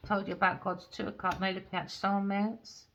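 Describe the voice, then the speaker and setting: A woman's voice: medium pitch, little pitch movement, brisk, creaky, fairly bright tone, slight background noise. A woman giving a rambling tarot reading, swearing bluntly and venting as she goes. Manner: profane, blunt, ranting. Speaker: tarot reader. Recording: dull lo-fi recording.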